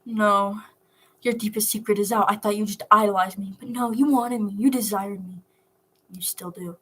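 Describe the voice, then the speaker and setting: A mocking teenage boy with an evil sneer, as a woman reads him aloud. breathy, even-pitched reading voice, a story told to listeners. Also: moderate pace. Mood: taunting. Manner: taunting, sneering. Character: mocking cruel teen boy hero, taunting.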